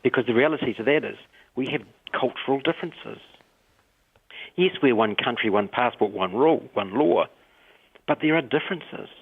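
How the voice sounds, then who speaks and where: A New Zealand man with a New Zealand accent speaks with open passion and emotion. His voice sits at an ordinary middle pitch. It reaches the listener squeezed through a narrow, tinny telephone line. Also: lively intonation, normal speed, slightly rough. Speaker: mayor. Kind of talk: radio interview over the phone.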